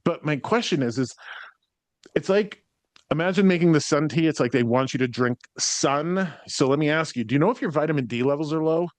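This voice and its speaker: A man's voice: a little high, a little fast, dry recording. A man working as a psychic medium, giving a spirit reading to a sitter in a rambling, hesitant way, full of ums and likes, swearing when relaying the spirits.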